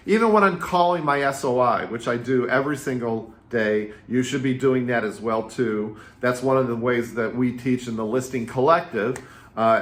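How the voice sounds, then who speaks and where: A man in his fifties coaches real estate agents in a casual, energetic way, leaning on repetition and anecdotes. His voice sits at an ordinary middle pitch. The room around him gives it a noticeable echo. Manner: energetic, chatty storyteller with repetitive phrasing. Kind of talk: casual coaching talk to camera. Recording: roomy echo.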